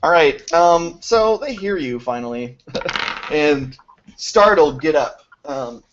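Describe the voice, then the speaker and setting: A man's voice: a little high, lively intonation, slow, noisy background. A young man running a tabletop game as game master, hesitant and full of ums. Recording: dull lo-fi home recording.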